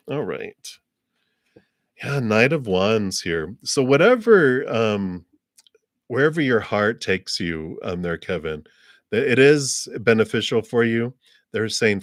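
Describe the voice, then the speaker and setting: Low-voiced man reading tarot cards live. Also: expressive, measured pace, no room sound, clean studio sound. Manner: rambling, loose, many ums and "you know"s; breaks into little laughs, acts out quoted reactions. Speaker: tarot card reader. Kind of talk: live-stream card reading.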